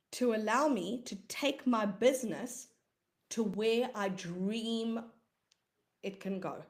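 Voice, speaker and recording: A woman with a South African accent, giving a motivational talk as a business coach and comedian, emphatic and repeating phrases for weight. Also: medium pitch.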